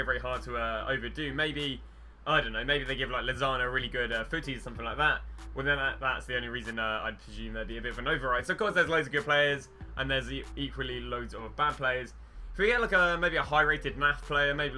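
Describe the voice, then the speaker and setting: A man's voice: mid-range voice, pushed and bright. A young man giving rambling, chatty commentary over his gameplay as host of a gaming channel, often correcting himself mid-sentence. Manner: rambling, chatty, self-correcting with many fillers.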